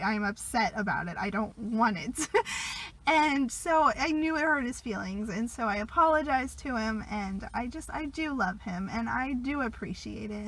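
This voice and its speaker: A young woman talks straight to her viewers in a casual, confessional vlog. Her voice is bright and sits a little high, and she is a bit under the weather. She rambles warmly, laughs often and drifts into quieter asides. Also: low-quality recording. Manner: chatty, laughs often, trails off into soft asides. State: sick, a bit congested. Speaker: vlogger.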